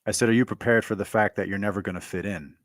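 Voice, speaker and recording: Blunt male storyteller, lowish voice, dry close recording, provocative, full of restarts. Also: steady tone, fast talker, dry recording. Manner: blunt, provocative, repeats himself with stammered restarts. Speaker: commentator telling a personal story. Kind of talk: monologue recounting a conversation.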